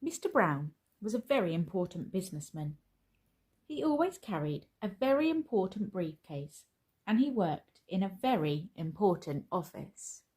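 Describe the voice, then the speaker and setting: A woman reads a children's picture book aloud, taking it slowly and expressively like a storyteller. Her voice sits fairly low and has a slight roughness.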